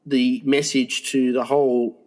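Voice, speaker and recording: A man's voice: medium pitch, flat delivery, a little slow, darkish tone. A man co-hosting a crude comedy podcast, rambling through made-up caveman stories with many restarts. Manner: rambling, acts out caveman scenes with restarts and laughter. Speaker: podcast co-host.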